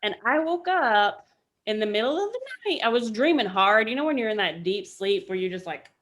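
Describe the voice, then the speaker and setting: A woman veteran telling a story on a podcast in a casual, animated way, swearing freely. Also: fairly high pitch, a little fast. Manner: animated, acts out quoted voices, swears freely. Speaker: military veteran guest.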